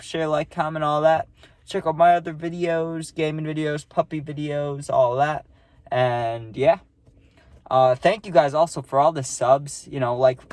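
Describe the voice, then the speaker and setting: A man's voice: on the high side, no room sound. Chatty young man telling a story. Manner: rambling, animated, keeps tagging "right?". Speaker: vlogger. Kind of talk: casual storytime monologue.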